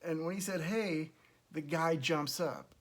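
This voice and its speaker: A middle-aged man hosting his own show, telling a story in a casual, animated way and acting out the voices he quotes. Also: fairly high pitch, measured pace. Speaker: host.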